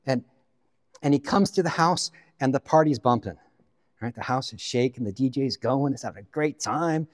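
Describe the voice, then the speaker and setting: A man from the Pacific Northwest, a guest pastor, preaching a sermon in an animated storytelling way, with joking asides. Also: medium pitch, normal speed, long reverb tail.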